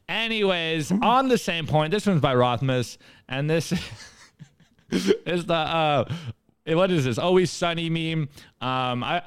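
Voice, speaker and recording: A man's voice: a little high, clear, resonant tone. A young adult man co-hosting a podcast, chatting casually through a meme review with frequent laughs and restarts. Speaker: podcast co-host.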